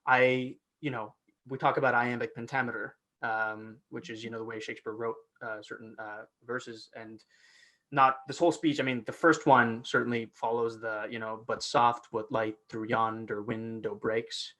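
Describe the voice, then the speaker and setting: A man appearing as a guest actor explains his process in a relaxed teaching conversation over video call. He's animated, often restarting and using fillers, with a medium pitch and moderate pace.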